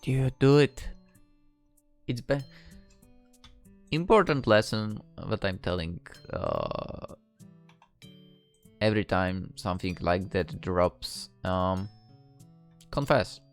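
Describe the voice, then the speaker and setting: A tired, yawning man reading a visual novel aloud, breaking off into relaxed, mumbled casual asides. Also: sits low, slow, pauses often, soft background music.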